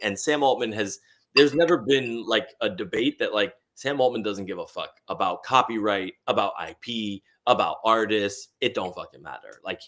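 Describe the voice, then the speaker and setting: A man's voice: on the low side, a bit bright. A man guest in a casual chat over a meal, talking emphatically with swearing and rhetorical asides.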